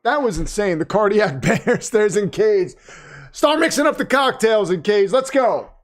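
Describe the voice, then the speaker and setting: A man hosting a live watch party, reacting excitedly to the game and reading viewer comments aloud, his voice getting worn. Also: high-pitched, moderate pace. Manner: animated, exclaiming, reads chat aloud. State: losing his voice. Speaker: livestream host.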